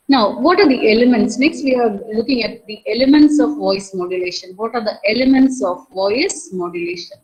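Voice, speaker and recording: A woman college lecturer teaching an online class, explaining slowly with frequent fillers and restarts, repeating key points and asking students questions. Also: mid-range voice, rough recording. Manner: asks students questions and praises answers.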